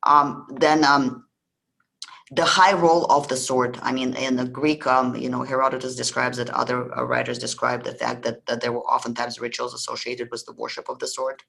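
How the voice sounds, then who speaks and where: Gravelly man rambling on history. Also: medium pitch, little pitch movement, moderate pace, pushed and bright, poor audio. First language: Russian. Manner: rambling, many ums and restarts. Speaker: podcast host. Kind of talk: casual history lecture.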